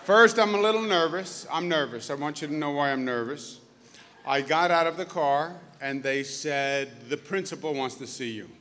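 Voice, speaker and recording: A man with a thick Queens New York accent addresses a school crowd, spinning homey stories with joking asides. His voice is slightly high for a man and bright and forceful. It rings out with a long reverb in a large hall. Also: normal speed, slight background noise. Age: 50s. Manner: folksy, storytelling, jokey asides. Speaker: governor speaking at a school. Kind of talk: public speech to students.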